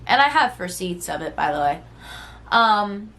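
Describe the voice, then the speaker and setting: In a laid-back vlog, a twenty-something woman recounts something personal directly to the camera, her lowish voice running a little slow. She's candid and chatty, full of "like" and "right?", curses freely, and slips into voices when quoting old texts.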